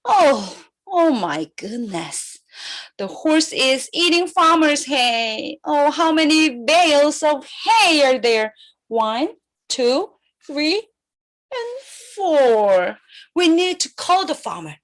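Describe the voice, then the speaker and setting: A young woman teaching little kids through a story, her voice pitched very high. She swoops all over her range, calling out in sing-song and gasping dramatically for effect. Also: slow. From South Korea. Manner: animated, exaggerated gasps and sing-song calls. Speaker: kindergarten teacher. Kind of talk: storytelling lesson for young children.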